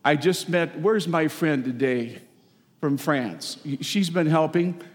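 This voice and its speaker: Animated priest preaching in echoing church. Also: male voice, a little high, slow. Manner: folksy, animated preaching with audience asides. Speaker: parish priest. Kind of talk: sermon. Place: large church. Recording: long church reverb.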